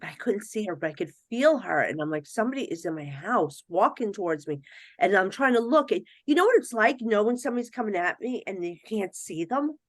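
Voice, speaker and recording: An animated middle-aged woman tells her stories to podcast hosts, jumping into the voices of the people she quotes and breaking into laughs. Her voice sits at an ordinary middle pitch for a woman. The recording is close and dry, with almost no room sound. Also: fairly quick, no echo. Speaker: psychic medium guest. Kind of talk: casual storytelling in a podcast interview.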